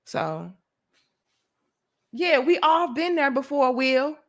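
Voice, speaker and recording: Animated, high-voiced woman telling a story. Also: slow pace. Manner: animated, profane, addresses viewers directly. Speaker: vlogger. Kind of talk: casual storytelling to camera.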